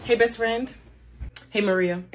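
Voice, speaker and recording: A young woman acting out school comedy skits with sassy, playful character voices and a husky tone. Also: fairly high pitch, steady tone, unhurried, slight background noise.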